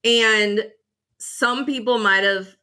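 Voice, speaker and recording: A woman with a slightly high, clean, sharp voice speaks slowly and in a steady tone. She co-hosts a casual podcast conversation, talking emphatically and telling animated stories.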